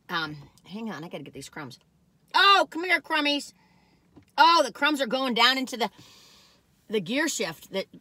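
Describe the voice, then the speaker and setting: Chatty, lively woman vlogger in a car. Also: a little high, dry recording. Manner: folksy and chatty, drifts off topic. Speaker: vlogger reviewing cookies. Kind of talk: rambling casual chat. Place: parked car.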